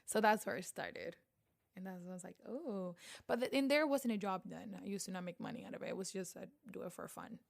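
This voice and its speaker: A woman from Panama with a Panamanian Spanish accent, a guest telling her story in a casual interview, animated and acting out the voices of people she quotes. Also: mid-range voice, quick pace, vocal fry. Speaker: guest, beauty vlogger.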